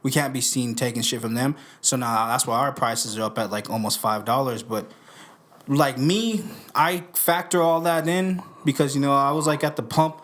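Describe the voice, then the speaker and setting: A young man hosting a casual podcast into a studio microphone, talking in a profane, slangy, animated way. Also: mid-range voice, normal speed. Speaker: podcast host.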